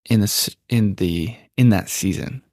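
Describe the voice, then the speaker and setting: A man co-hosting a faith-based podcast, speaking reflectively in a halting, casual way with many fillers. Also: fairly low pitch, a little mellow, dry recording, studio quality. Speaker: podcast co-host.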